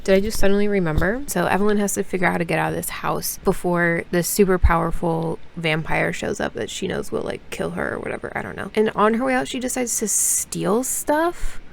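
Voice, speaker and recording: A woman in a casual reading vlog, rambling and frustrated, full of "like" fillers, sometimes breaking into loud, high exasperated outbursts. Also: fairly quick, creaky, hardly any pauses, slight background noise. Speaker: book vlogger.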